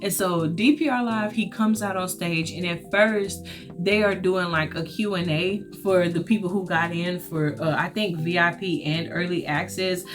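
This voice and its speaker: A woman's voice: on the low side, steady tone, normal speed, over music. A woman vlogger telling a story in a casual, chatty way, often talking straight to her listeners. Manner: chatty, emphatic, addresses listeners as y'all.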